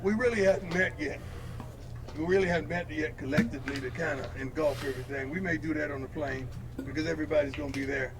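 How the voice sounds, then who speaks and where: A football coach fields questions after a game, a man whose voice sits high and carries a gravelly fry. He is boastful and confrontational and hammers his points through repetition. He speaks at a press conference. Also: big pitch swings, fast, heavy background noise. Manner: boastful, confrontational, repeats himself for emphasis.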